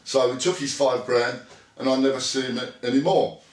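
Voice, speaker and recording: A man, a former bouncer, telling a rough story bluntly, acting out what was said and swearing freely. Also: medium pitch, fairly even intonation, moderate pace, distant mic. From Britain. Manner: blunt, swearing, acts out quoted dialogue. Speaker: former bouncer, interview guest. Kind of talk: storytelling anecdote. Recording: echoey room, voice a bit off-mic.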